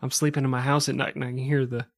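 A man's voice: mid-range voice, level tone, rapid-fire, no echo, studio quality. A man casually telling a true crime story on a podcast, joking and swearing and laughing often.

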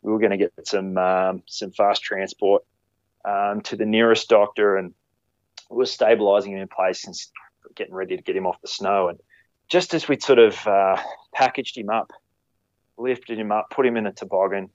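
A man with a lowish voice tells stories from his years on ski patrol. He talks in a halting, conversational way, backing up and restarting his sentences. The sound is dry and a little muffled. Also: steady tone, no echo. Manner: halting, many fillers and restarts, acts out quoted lines. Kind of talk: conversational storytelling.

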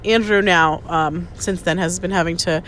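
A woman's voice: on the low side, noisy background. A woman in her thirties telling a story in casual chat, sarcastic and full of "like", swearing freely. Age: 30s. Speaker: podcast host.

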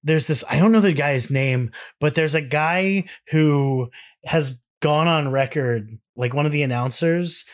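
A man's voice: on the high side, measured pace. A young man co-hosting a podcast, rambling in casual chat with self-deprecating jokes and some swearing. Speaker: podcast co-host.

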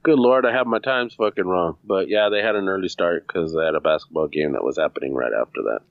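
A man co-hosting a casual podcast, talking in a halting way with many restarts and occasional swearing. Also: low voice, no echo, narrow, tinny audio. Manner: halting, restarts often, swears when flustered. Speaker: podcast co-host. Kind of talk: casual chat.

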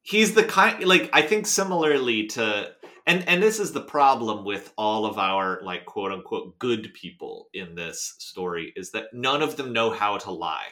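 A man's voice: fairly low pitch, expressive, a little slow, few pauses, sharp tone. A man co-hosting a casual chat about a story, rambling and correcting himself as he talks. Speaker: podcast co-host.

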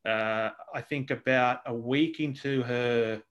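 A man's voice: medium pitch, fairly even intonation, slow pace, a bit bright, muffled recording. Ranting Australian man on a podcast. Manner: ranting, sweary, exasperated. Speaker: podcast co-host. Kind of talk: casual chat.

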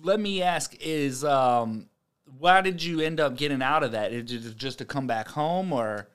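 A man hosting a relaxed conversation, often chiming in with short replies. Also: medium pitch, measured pace, clear, resonant tone. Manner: relaxed, frequent short backchannels. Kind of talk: casual interview chat.

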